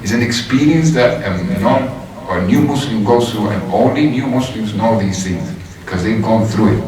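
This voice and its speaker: A man telling his life story to an audience in a mosque, animated and often laughing as he acts out what others said. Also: on the low side, moderate pace, noisy background. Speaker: speaker sharing his conversion story. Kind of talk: lively storytelling talk to an audience. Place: mosque hall. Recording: very echoey hall from far off.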